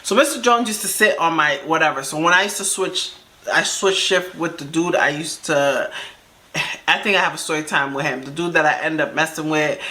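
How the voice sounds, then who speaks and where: In a casual storytime vlog, a woman with a low voice tells a personal story to camera at a moderate pace. She's animated and acts out the quoted dialogue as she goes, recording indoors under camera lights.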